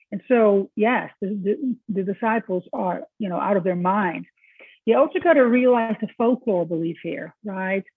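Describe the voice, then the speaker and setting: Husky woman lecturing over a tinny line. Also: medium pitch, no echo. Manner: conversational, with restarts and "right?" checks. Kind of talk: recorded lecture. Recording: tinny, phone-like dry recording.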